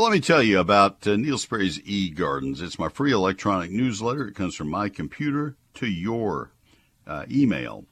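A man's voice: low voice, fairly bright tone. A man hosting a radio gardening call-in show, chatty and enthusiastic, with frequent uhs. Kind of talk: casual call-in radio talk.

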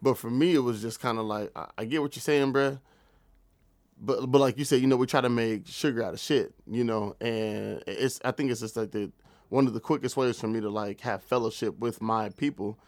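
A man's voice: mid-range voice, a little fast, no echo, clean studio sound. A man talking casually and animatedly on a podcast, telling stories and acting out what others said. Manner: animated, storytelling with quoted voices. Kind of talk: casual chat.

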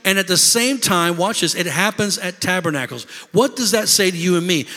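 The pastor's voice sits high and sharp, moving at a moderate pace with few pauses as he preaches. He calls out for amens and urges the congregation to respond, while the recording carries the long reverb of a big hall.

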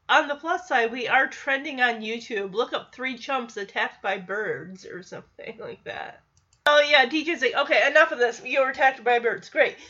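A woman's voice: fairly high pitch, pushed and bright, muffled recording. A woman giving a casual, chatty recap of a TV episode, laughing often and acting out the characters' lines. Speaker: TV show recapper.

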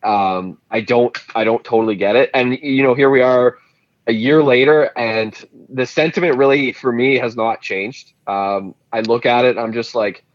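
A man co-hosting a casual sports podcast, rambling in a relaxed, jokey way. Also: mid-range voice, moderate pace, no echo, muffled recording. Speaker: podcast co-host.

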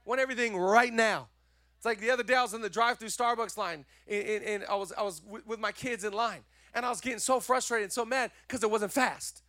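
A man preaching a sermon with a notably high voice, pressing the same encouragement again and again. He slips easily into chatty, joking asides. The sound is close and dry. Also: quick pace, no echo. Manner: energetic, repetitive exhortation. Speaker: pastor.

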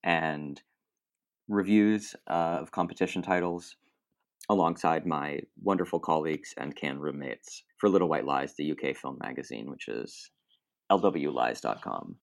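A man's voice: a bass voice, a little slow, vocal fry. A man talking as a film critic guest on a podcast, thoughtful and rambling, with restarts and asides.

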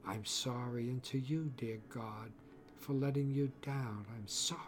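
A man voicing a dying young woman, speaking softly and apologetically, quieter than his narration. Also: mid-range voice, fairly even intonation, measured pace, faint music behind, close to an everyday voice. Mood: hushed apologetic. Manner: soft, hushed, apologetic.

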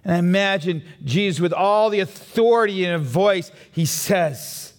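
A man preaching as pastor, delivering an animated sermon that builds to emphatic peaks. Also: high-pitched, moderate pace, few pauses. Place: church.

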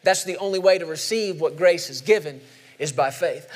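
Male pastor, sermon, high voice, emphatic, asks the room questions, drags out scripture lines. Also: a little fast.

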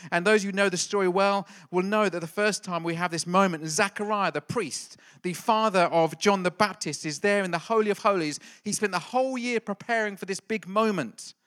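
Male pastor, middle-aged, playful teasing delivery, tense bright tone. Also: high-pitched, a little fast, few pauses. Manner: playful, jokey, quizzes the congregation. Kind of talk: lively church talk with a quiz.

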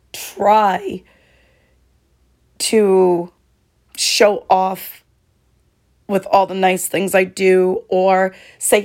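A woman speaks slowly and thoughtfully in a solo podcast monologue. Her voice is hoarse and catches at times, and her pitch sits in a middle range. She sounds sincere and reflective as she talks. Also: darkish tone. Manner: slow, heartfelt and reflective. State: hoarse, voice cracking. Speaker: podcast host.

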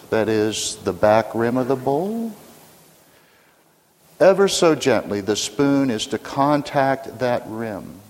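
A man's voice: mid-range voice, very animated, slow. Older guy pastor telling a funny story in his sermon, church echo all around. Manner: warm storytelling with humor, asks congregation questions. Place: church sanctuary. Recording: reverberant church hall.

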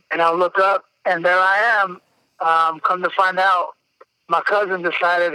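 Dude in his 30s telling his story on a podcast, swears a lot, smooth clear voice, dry close mic. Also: high-pitched, level tone, normal speed, pushed and bright, no echo, rough recording. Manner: candid, emotional, swears freely. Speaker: podcast guest. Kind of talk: casual storytelling.

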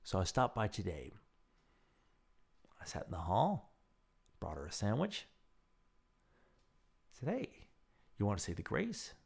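A man's voice: a little slow, gravelly, pauses often, slightly rough. A man hosting a podcast, casually telling a personal story and acting out the quotes in a raised voice. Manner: animated, acts out quotes in a higher voice; rambling with restarts and fillers. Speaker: podcast host.

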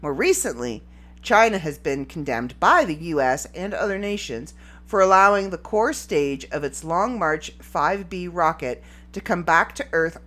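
A woman hosting a solo podcast in a rambling, giggly, casual way. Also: on the low side. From Canada. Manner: rambling and giggly, breaks into fits of laughter. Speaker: podcast host.

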